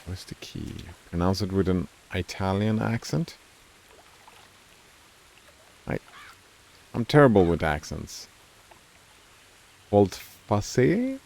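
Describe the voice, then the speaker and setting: A man's voice: sits low, animated, normal speed, vocal fry, few pauses, darkish tone. A man streaming a video game, musing aloud, puzzling over words and joking at himself as he plays. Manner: musing aloud, looking up words, self-deprecating. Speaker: gameplay streamer. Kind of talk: casual commentary while playing a game.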